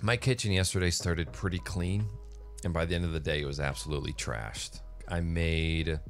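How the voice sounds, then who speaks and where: A man talking casually in a solo vlog monologue, rambling and conversational with plenty of fillers. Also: low-pitched. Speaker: vlogger.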